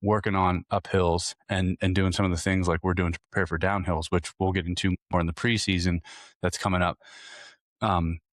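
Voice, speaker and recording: A man hosts a solo podcast about hunting fitness, speaking earnestly in a casual, coaching style and often repeating words as he restarts. His voice is deep and level with a brisk pace, recorded in clean studio sound with no room echo.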